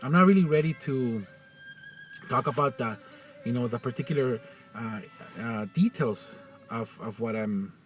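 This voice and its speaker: A man talking in a personal vlog, halting and full of restarts, getting choked up as he speaks. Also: mid-range voice, recorded from a distance. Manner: halting, many restarts and fillers. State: choked up, near tears. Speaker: vlogger.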